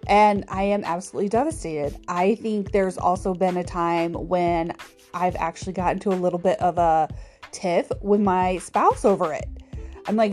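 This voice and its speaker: A woman's voice: mid-range voice, unhurried, a little mellow, faint music behind. A woman hosting a podcast alone, chatting casually with many fillers and little laughs. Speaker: podcast host. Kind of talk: casual solo podcast monologue.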